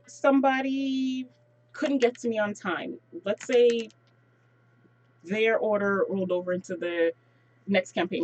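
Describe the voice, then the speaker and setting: A woman giving a casual sales training talk, explaining step by step with quick asides. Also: mid-range voice, muffled recording, a little hiss or hum.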